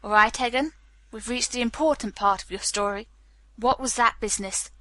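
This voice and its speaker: A woman's voice: a little high, normal speed, sharp tone, no echo. A woman voicing an angry male police captain who presses hard with blunt, demanding questions. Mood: stern.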